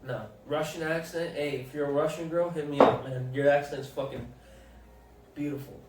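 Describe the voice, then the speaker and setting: Man, high voice, casual sports chat, joking, swearing, echoey room, far from the mic. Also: steady tone, normal speed, heavy background noise. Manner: loud, joking, swears freely. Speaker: podcast host.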